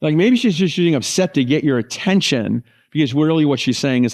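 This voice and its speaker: Male pastor, middle-aged, on the high side, chatty and animated in the pulpit. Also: fairly quick, few pauses. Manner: storytelling, animated, lots of asides and fillers. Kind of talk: sermon.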